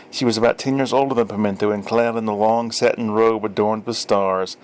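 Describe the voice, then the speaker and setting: A man's voice: on the low side, steady tone, fairly quick. A man reading a story aloud in a dry, wry storytelling manner with small self-corrections. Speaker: story reader. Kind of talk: audiobook narration.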